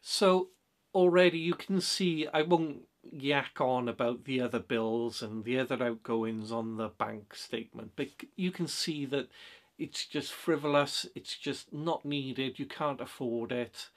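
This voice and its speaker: A man talking straight to camera in a casual vlog, blunt and a little rambling. He stumbles through restarts and fillers as he goes, at a middle pitch for a man. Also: fairly even intonation, measured pace. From Britain. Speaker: vlogger. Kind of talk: casual advice monologue.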